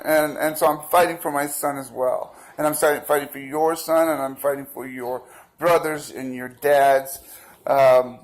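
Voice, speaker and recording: Standing outside near a busy street, a male protester rambles through his account of what happened, with plenty of fillers and restarts, performing other people's quoted lines. His voice is mid-range and the audio is poor.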